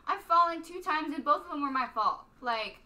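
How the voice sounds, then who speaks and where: A young adult woman in casual chat, talking fast and loose with lots of fillers and the odd swear word. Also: sits high, expressive, crowd noise.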